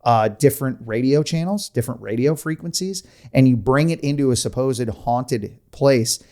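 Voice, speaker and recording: A man's voice: medium pitch, moderate pace. Chatty man telling a spooky story. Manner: animated, laughs often, rambling asides. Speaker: podcast host. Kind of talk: casual storytelling chat.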